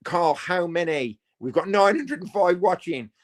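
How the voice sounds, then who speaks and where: A man's voice: sits high, animated, measured pace. A man, hosting a live football watch party in a casual, jokey way and reading out viewer comments. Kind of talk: casual live-stream chat.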